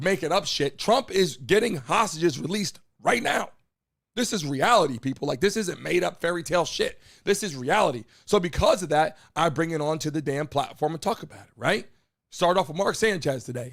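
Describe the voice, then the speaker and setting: A man hosting a live stream, giving forceful political commentary that is full of swearing and direct appeals to his chat. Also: fairly high pitch, gravelly. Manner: emphatic, talks straight to viewers, swears often; repeats lines, asks chat to respond. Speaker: live show host.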